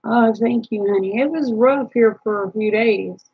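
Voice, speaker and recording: A worn-out woman with a drawl talks unhurriedly to her live viewers, rambling with plenty of fillers. Her voice is gravelly and a little husky. The sound is dull and lo-fi. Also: a little high, unhurried. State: tired, yawning. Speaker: homesteader talking to live chat viewers. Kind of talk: casual live chat.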